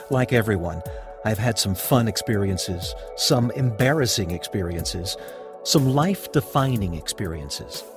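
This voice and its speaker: A middle-aged man hosting a podcast, narrating a personal story in a reflective, wry, clearly articulated way. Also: lowish voice. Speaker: podcast host.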